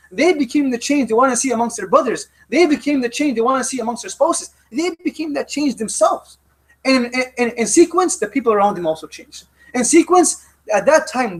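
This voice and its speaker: A man's voice: extremely high pitch, rough recording. A man teaching a religious class to youth, who tells stories emphatically, repeating lines and often restarting his sentences. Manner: emphatic and repetitive, with frequent restarts. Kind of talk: youth halaqa sermon.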